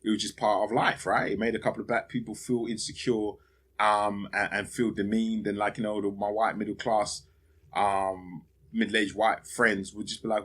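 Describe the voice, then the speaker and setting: A man's voice: on the low side, little pitch movement, moderate pace, fairly bright tone, husky. A man hosting a podcast, rambling and profane in a casual solo monologue, laughing often. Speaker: podcast host.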